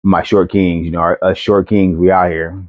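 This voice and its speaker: A man's voice: deep voice, flat delivery, moderate pace, highs cut off. Middle-aged guy joking around on a family podcast, teasing and chuckling a lot. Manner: teasing, laughing storyteller. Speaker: podcast co-host, parent. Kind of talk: casual family chat.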